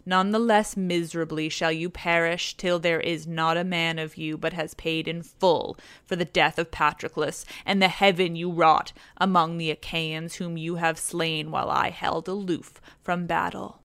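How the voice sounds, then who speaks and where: A proud, wrathful warrior hero from an ancient epic speaks sternly and with scorn, as a woman reads him aloud. The voice sits low and smooth, and the sound is dry and close. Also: fairly even intonation, normal speed, hardly any pauses, a bit bright, no room sound. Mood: gloating.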